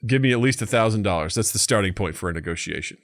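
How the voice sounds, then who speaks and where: A man co-hosting a casual podcast, telling stories in an animated way and acting out scenes. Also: lowish voice, quick pace. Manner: animated storyteller who acts out scenes with voices. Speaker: podcast co-host.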